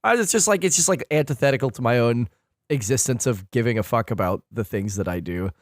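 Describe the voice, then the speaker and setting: A man's voice: mid-range voice, expressive, fast talker, no room sound, studio quality. A man co-hosting a gaming podcast, ranting bluntly and swearing in casual chat. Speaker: podcast co-host.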